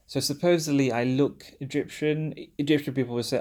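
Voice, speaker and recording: A young man from England talks casually on his podcast. He is wry and chatty, and he slips into quoted exchanges as he goes. His voice sits at an ordinary middle pitch. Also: fairly even intonation, brisk, hardly any pauses. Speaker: podcast host. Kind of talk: casual monologue.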